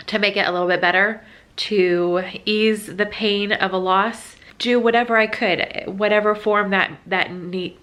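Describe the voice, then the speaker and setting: A young adult woman vlogger in an emotional, heartfelt sit-down chat, halting and tearful at times. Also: mid-range voice, a bit bright.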